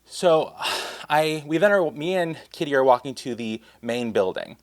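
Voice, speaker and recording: A man's voice: a little high, lively intonation, unhurried, dry recording. Young man rambling through a casual story. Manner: rambling, self-mocking, full of filler words. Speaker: vlogger.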